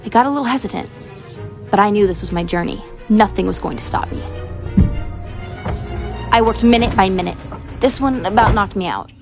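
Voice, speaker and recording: Gravelly deadpan woman narrating. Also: medium pitch, normal speed, pauses often. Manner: deadpan, dry and self-mocking. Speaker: TikTok creator. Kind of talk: mock-epic voice-over narration. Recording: music playing under the voice.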